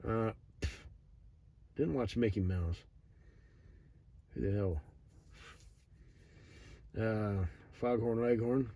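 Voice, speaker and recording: A middle-aged man telling a rambling, digressive story in a profane, deadpan way. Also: fairly low pitch, extremely slow, pauses often. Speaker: vlogger. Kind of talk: rambling monologue.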